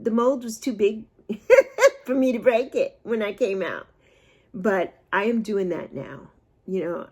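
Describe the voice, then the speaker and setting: A woman's voice: medium pitch, a little mellow, slightly rough. Woman, sixties, unscripted vlog chat, emotional, rambling, self-mocking. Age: 60s. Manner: emotional, rambling, laughs at herself. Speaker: vlogger. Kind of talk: unscripted talk to camera.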